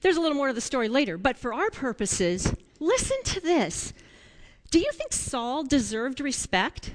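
Animated high-voiced woman giving a children's sermon. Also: moderate pace, in a large hall. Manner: animated, playful storytelling with questions to children.

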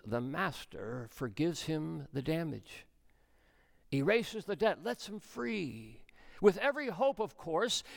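Gravelly, resonant male pastor preaching. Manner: dramatic swings between soft low passages and raised emphatic ones. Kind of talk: sermon.

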